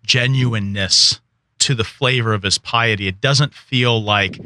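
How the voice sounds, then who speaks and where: A man's voice: on the low side, unhurried, sharp tone, slight background noise. A man hosting a podcast interview, talking in a thoughtful, conversational way with frequent restarts. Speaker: podcast host.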